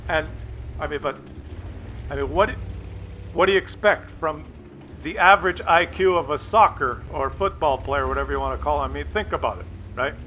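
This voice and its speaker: A man's voice: a little high, bright, forceful tone, a little hiss or hum. A man, hosting a gaming channel and ranting over gameplay in a profane, sarcastic way, slipping into mock play-by-play. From Canada.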